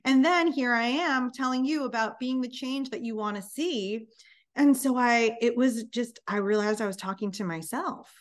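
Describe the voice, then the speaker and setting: A woman in her thirties, a business founder, telling her story in an interview with lively, acted-out dialogue. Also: on the high side, normal speed. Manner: animated, acts out dialogue in storytelling.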